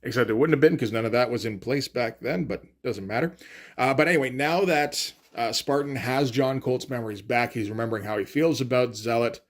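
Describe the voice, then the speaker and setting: A man's voice: medium pitch, a little fast. A man casually recapping and critiquing a comic issue in an offhand, rambling way with lots of fillers. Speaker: comics commentator. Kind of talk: casual comic read-through.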